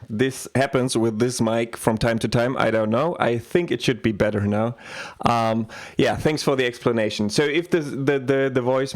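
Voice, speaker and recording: A man hosting a live stream over a video call, with a voice of average pitch. He talks in a chatty, loose way, stopping and restarting his sentences as he moderates. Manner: chatty, self-interrupting. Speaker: host.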